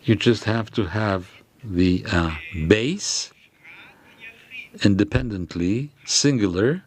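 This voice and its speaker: Slow, hesitant male lecturer. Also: on the low side. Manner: slow and hesitant, with frequent fillers and restarts. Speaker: lecturer on grammar. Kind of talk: halting lecture explanation.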